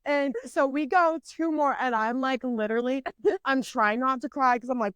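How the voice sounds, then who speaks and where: Podcast co-host, woman in her twenties, high voice, dry close mic, animated and foul-mouthed. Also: normal speed, clear, resonant tone, no echo. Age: 20s. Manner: swears constantly, animated storytelling. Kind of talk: casual chat.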